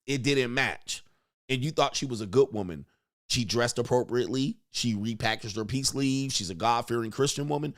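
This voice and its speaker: A man's voice: medium pitch, moderate pace. Crude, joking male commentary host. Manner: crude, joking, mimics voices. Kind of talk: casual reaction commentary.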